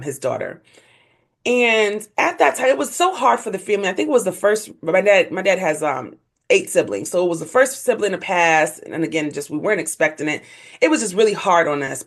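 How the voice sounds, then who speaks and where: A young woman, a podcast guest, telling her story in candid conversation, voice leaping up when she acts out others. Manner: animated, leaps high in pitch when acting out others.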